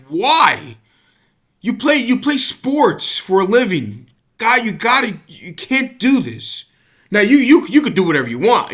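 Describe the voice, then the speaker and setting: A man's voice: high voice, pushed and bright. An American man giving a rambling, exasperated sports-opinion monologue, often repeating and restarting his words. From United States. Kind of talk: casual monologue rant.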